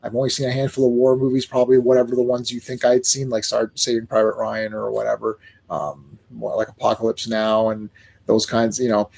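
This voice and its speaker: A man giving a casual, excitable comic book review, acting out the characters' lines. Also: medium pitch, fairly quick, gravelly. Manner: excitable, animated, acts out quotes.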